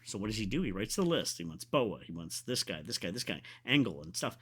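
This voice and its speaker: A man hosting his own show, chatting casually and excitedly through a wrestling event recap, rambling and going back to correct himself. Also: mid-range voice, a little fast, hardly any pauses. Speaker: wrestling podcast host. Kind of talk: casual solo review chat.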